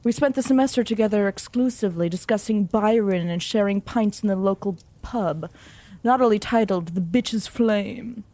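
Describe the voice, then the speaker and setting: A woman reads a comic mock romance aloud with a deadpan, overwrought delivery. Her voice sits in a middle register, plain and unhurried. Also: medium pitch, dry recording. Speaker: narrator. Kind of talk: comedic mock-romantic narration.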